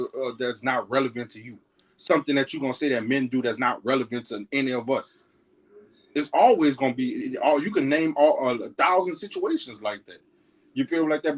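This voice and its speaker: A man calling in as a podcast guest, rambling and explaining, often checking that he is understood. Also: mid-range voice. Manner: rambling, keeps repeating "you feel me". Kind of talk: casual podcast debate.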